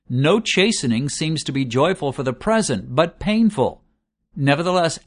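A man preaching a sermon, earnest and measured. His voice sits a little higher than most men's, and he slows right down to lean on each word in a list. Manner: measured, earnest preaching with slowed emphatic lists.

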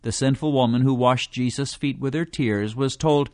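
A man reading a devotional teaching in a measured way, slowing down to stress quoted scripture. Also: medium pitch, darkish tone, no room sound, studio quality. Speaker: preacher.

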